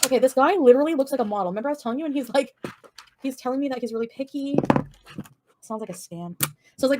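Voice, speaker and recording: A woman's voice: high-pitched, lively intonation, racing, long pauses, background noise. Giggly, chatty Canadian woman on a livestream. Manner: chatty, giggly, swears casually. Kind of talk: rambling livestream gossip.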